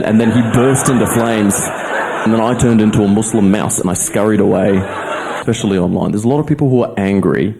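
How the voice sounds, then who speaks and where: An Australian man performing stand-up comedy on stage in front of a live audience. His voice sits on the low side, and his delivery is wry and deadpan. He slips in acted-out quotes between the jokes. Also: fairly quick, gravelly, a crowd in the background.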